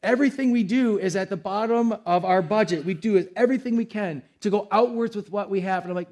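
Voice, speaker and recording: A man's voice: sits high, a little fast, few pauses, darkish tone. A young adult man preaching a sermon as pastor, in a casual, conversational way with acted-out quotes. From United States.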